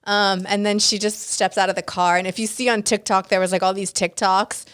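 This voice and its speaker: A woman guest in a casual interview, chatty and animated, full of fillers and restarts, acting out the people in her stories. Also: mid-range voice, fairly quick, smooth. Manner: animated, acts out quoted people.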